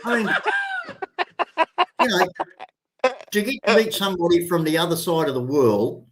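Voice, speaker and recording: Rambling Australian man, higher voice. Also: expressive, moderate pace, very noisy. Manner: rambling, repeats words and restarts often. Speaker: livestream host. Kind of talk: casual livestream chat.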